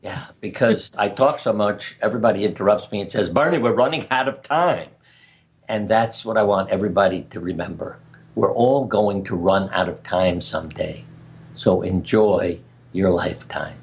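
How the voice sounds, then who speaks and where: Talking at normal speed in a lowish voice, an older radio guest shares earnest, anecdotal stories in a conversational interview, chuckling now and then at his own tales.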